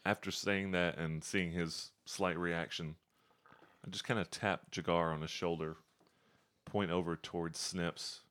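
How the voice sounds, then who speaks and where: A man's voice: deep voice, steady tone, a little slow, a bit bright. A man playing a tabletop game, asking questions in a casual, inquisitive way. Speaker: player. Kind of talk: tabletop role-play.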